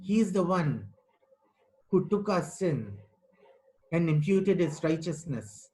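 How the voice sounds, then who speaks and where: A man preaching a sermon, emphatic and slowing down to stress key phrases. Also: on the high side, sing-song, a little mellow, low-quality recording.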